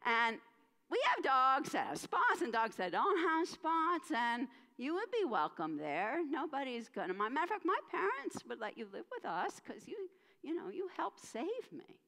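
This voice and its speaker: A woman voicing a kind, grateful young male dog who speaks softly and earnestly, in a storybook tale in a church with a long hall reverb. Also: high-pitched, very animated, moderate pace, exaggerated voice. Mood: gentle. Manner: soft, earnest, reassuring.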